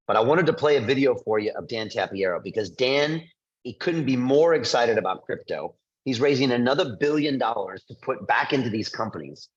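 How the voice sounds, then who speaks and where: A male host speaking to a group in an excited, emphatic monologue with quick asides. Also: lowish voice, lo-fi sound. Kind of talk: energetic monologue to a live group.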